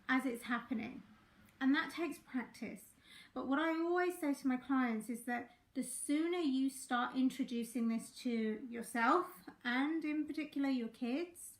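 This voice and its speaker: A high-voiced woman talks viewers through a live coaching session, her voice croaky from a sore throat. She talks in an easy, chatty way with plenty of fillers. The sound rings in an echoey room. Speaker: life coach. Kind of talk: live-streamed coaching talk.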